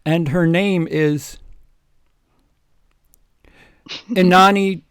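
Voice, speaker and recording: A man's voice: sits high, fairly even intonation, extremely slow, clean tone, no echo, studio quality, pitched above the performer's own voice. A man voicing a grave old male headmaster wizard, declaring solemnly.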